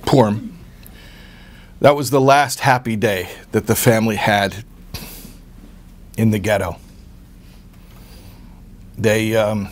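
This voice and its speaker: A man giving an earnest storytelling talk, often repeating words and pausing with fillers. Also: lowish voice. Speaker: speaker giving a religious talk.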